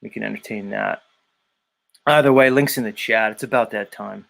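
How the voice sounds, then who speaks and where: With a lowish, gravelly, fairly bright voice at a normal speed, this male host runs a casual live stream. He reads chat aloud, swears freely, and teases viewers bluntly.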